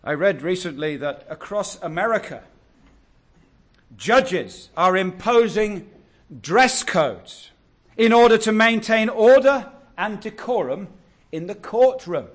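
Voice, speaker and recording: A man preaching a sermon, earnest and exhortative, drawing out key words slowly. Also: sits high. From England.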